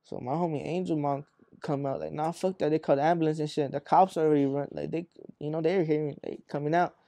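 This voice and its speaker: A young man from Arizona tells a story in a loose, rambling way, full of swearing and acted-out quotes. His voice sits a little high but has a mellow, dark tone. The sound is close and dry. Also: steady tone, quick pace, creaky, no room sound. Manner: rambling, profane, acts out quotes. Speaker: rapper guest. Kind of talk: casual interview storytelling.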